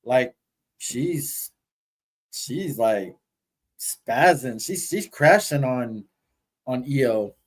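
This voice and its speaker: A man's voice: mid-range voice, lively intonation, drawn-out words, pauses often, rough recording. A man co-hosting a podcast, telling stories animatedly and swearing casually. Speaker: podcast co-host. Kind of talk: casual chat.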